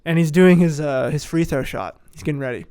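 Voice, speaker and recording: Young male podcast host, animated storyteller with a slightly high voice and a dry close sound. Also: brisk, clear, resonant tone, no echo. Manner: animated, laughs often, acts out quotes. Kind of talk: casual storytelling chat.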